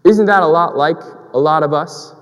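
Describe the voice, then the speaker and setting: A man's voice: a little high, normal speed, long reverb tail. A man preaching a sermon in a conversational, storytelling way, asking rhetorical questions.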